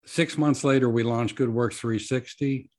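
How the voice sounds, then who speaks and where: An earnest man in conversation, laying out his story at a steady, measured pace and acting out what people said to him. His voice sits at an ordinary middle pitch for a man, neither deep nor high. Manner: earnest, measured, tells stories with quoted dialogue. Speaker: nonprofit founder guest.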